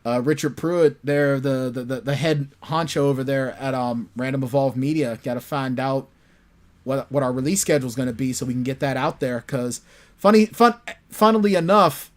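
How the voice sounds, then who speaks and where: A man's voice: medium pitch, normal speed. A man talking as a guest author in a casual chat, telling stories animatedly and repeating his words. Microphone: remote call microphone.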